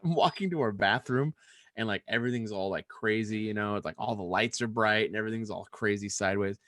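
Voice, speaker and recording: A young adult man co-hosting a podcast in casual chat, telling a story in an animated way and acting out the lines he quotes. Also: lowish voice, fast, no room sound, clean studio sound. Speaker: podcast co-host.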